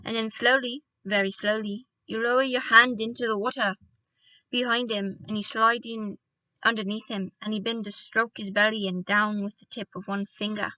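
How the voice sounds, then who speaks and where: A woman's voice: medium pitch, fairly even intonation, normal speed, sharp tone, no echo, distant mic. A woman reading a children's novel aloud, breaking off for casual asides to her viewers. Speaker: audiobook reader.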